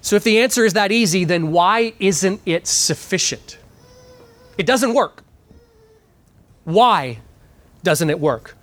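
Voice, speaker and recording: A man preaching to a live congregation. He moves from a quiet, earnest prayer into lively storytelling, then drives his points home with emphatic, climbing questions. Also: high-pitched, slow, pauses often. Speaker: pastor. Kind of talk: sermon. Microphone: live church microphone.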